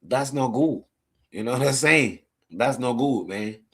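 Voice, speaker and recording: A man's voice: medium pitch, lively intonation, a little slow. A man with a New Jersey accent hosting a casual football watch-along stream, talking in a loose, profane way, repeating himself and laughing often, sounding tired. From Newark, New Jersey, USA. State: tired, yawning. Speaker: live stream host.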